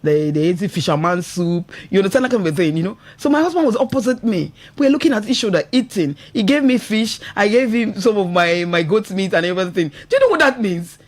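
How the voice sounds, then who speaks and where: A woman with a Nigerian English accent hosts a radio show from the studio, talking about marriage with lots of emotion, animated energy and frequent laughter while asking "you understand?" Her mid-range voice moves fast with few pauses.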